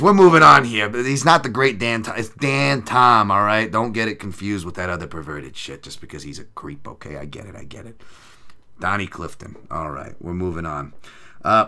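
This betting show host has a deep, sharp voice. He delivers sarcastic, foul-mouthed commentary on upcoming fights, keeping the sports betting podcast banter crude.

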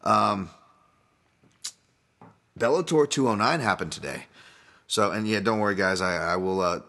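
A man's voice: on the low side, expressive, unhurried, sharp tone. A man hosting a solo fight podcast, talking casually in a rambling, profane way with many restarts. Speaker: podcast host and fight analyst.

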